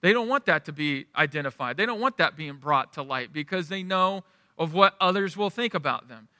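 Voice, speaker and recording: A middle-aged pastor preaches in church in a conversational style, repeatedly asking the room "right?" to check in with the congregation. His voice is a little high and sharp with lively intonation and a slightly fast pace, recorded at studio quality with a long hall reverb.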